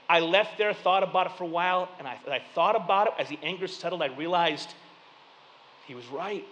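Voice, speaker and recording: A man in his thirties preaches to a congregation, his voice high and bright as it rings through a reverberant hall. He tells personal stories with animated energy, swinging between loud punchlines and quiet, reflective moments. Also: moderate pace. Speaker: pastor.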